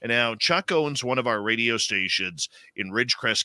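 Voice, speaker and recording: A Canadian man hosting live radio, his voice very bright and forward. He rambles in a loose, conversational way with plenty of fillers and restarts. The sound is dry and close, with almost no room echo. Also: medium pitch, lively intonation, normal speed. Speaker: radio host.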